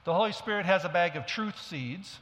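Man, middle-aged pastor, sermon, conversational storytelling, bright tone, long hall reverb. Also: sits high, lively intonation, brisk. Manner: storytelling, conversational with self-deprecating laughs.

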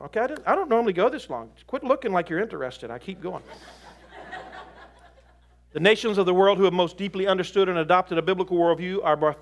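A middle-aged man with a high-sitting voice preaches a sermon to a live audience. He is emphatic and animated, sprinkling in folksy, joking asides.

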